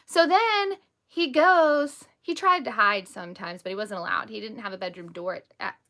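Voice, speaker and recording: A woman's voice: mid-range voice, moderate pace, pushed and bright. A woman hosting a casual live stream who tells a story bluntly and with emphasis, filling her talk with "like" and "over the top". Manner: heavy use of "like" and "over the top". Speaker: host and stepmother.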